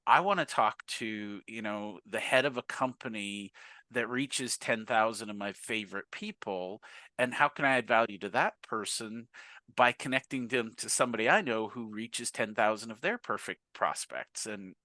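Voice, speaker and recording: A man hosting a podcast interview, telling stories in an animated, excitable way. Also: lowish voice, moderate pace, no room sound. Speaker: podcast host.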